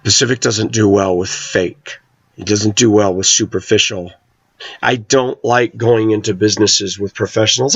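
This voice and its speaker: A man's voice: on the low side, moderate pace, breathy edge, no room sound, lo-fi sound. A middle-aged man vlogging an opinionated monologue, talking with intensity and hard emphasis.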